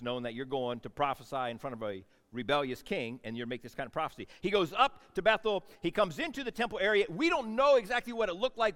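A man's voice: high-pitched, fairly bright tone, in a large hall. A man preaching a sermon, retelling a scripture story in a conversational, folksy way with playful asides.

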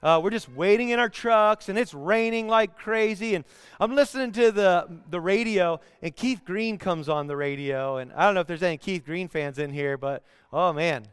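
A man preaching a sermon, telling stories in an animated way and breaking into bits of song. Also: high voice, normal speed, clear, resonant tone, dry recording, studio quality. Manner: storytelling, animated, bursts into song. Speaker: pastor.

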